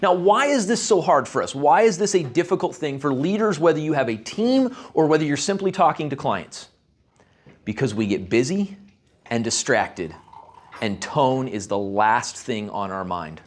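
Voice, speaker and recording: A man's voice: medium pitch, lively intonation, moderate pace. A man giving a short leadership talk to a live networking group, chatty and asking the audience questions. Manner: conversational, asks the audience questions. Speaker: leadership speaker. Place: meeting room with a live audience.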